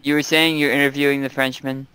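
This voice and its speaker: A man's voice: medium pitch, flat delivery, fast talker, pushed and bright, clean tone, no echo. A man narrating as game master of a tabletop game, chatty and laughing often, with frequent ums.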